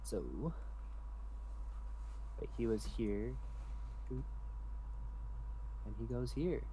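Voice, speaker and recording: A man narrating as game master for a streamed tabletop game, calm and measured, with dry jokes. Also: mid-range voice, a little hiss or hum, poor audio.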